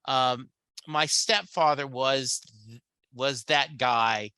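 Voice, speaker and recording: A man's voice: mid-range voice, slow, bright, forceful tone, clean tone, no room sound. A man hosting a casual podcast chat, rambling with many fillers and restarts. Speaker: podcast host.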